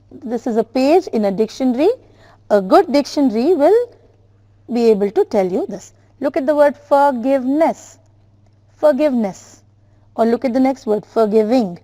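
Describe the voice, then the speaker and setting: A woman teacher slowly drilling words and syllables for her students, addressing them directly. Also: on the high side, warm tone, in a large hall. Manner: slow, careful word-by-word drilling, addressing students. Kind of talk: classroom lesson on syllables.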